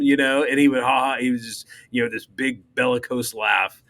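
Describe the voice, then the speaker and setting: A man co-hosting a podcast, speaking haltingly with many fillers while remembering a friend. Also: medium pitch, steady tone, bright, forceful tone. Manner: halting, heavy on "you know" fillers. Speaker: podcast co-host. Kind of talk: casual conversational tribute.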